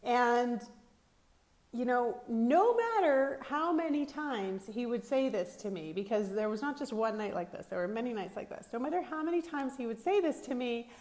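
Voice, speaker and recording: A woman's voice: a little high, expressive, moderate pace, a little mellow. A middle-aged woman coaching mothers in a live video, talking candidly to viewers and swearing casually. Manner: emphatic, repeats phrases in lists.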